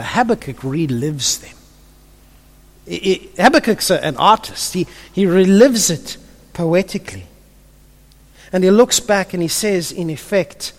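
A man preaching a sermon, telling the stories vividly and often repeating his first words as he restarts. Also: high voice. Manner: stammering restarts, vivid storytelling. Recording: long hall reverb.

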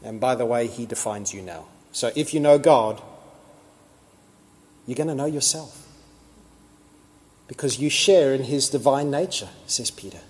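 A man preaching a sermon in a church hall, animated and emphatic, building at times to near-shouting. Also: medium pitch, a little slow, pauses often. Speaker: pastor. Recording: long hall reverb.

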